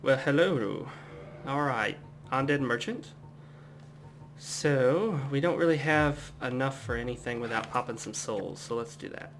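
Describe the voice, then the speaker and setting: Man, casual gameplay commentary, rambling asides, middle pitch, faint background hum. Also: a little slow. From United States. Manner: relaxed, rambling, chatty asides. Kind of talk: casual let's-play commentary.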